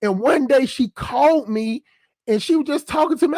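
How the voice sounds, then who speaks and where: Brief: high-pitched man, dry close sound, casual profane storyteller who keeps checking in with the audience. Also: normal speed, darkish tone, no room sound. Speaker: channel host.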